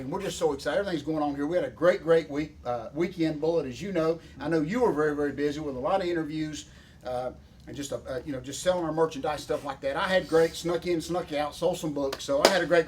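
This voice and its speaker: A man, hosting a show in a folksy, excitable, rambling way. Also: a little high. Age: 50s. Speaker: show host. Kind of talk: casual banter.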